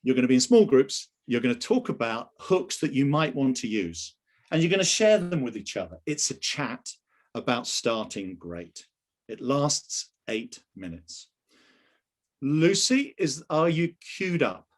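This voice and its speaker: Middle-aged guy running a sales webinar over a video call, lively up-and-down voice, chatty, keeps asking the audience stuff. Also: medium pitch, measured pace. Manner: animated, conversational, asks the audience questions. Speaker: webinar presenter and sales coach. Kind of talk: live webinar presentation.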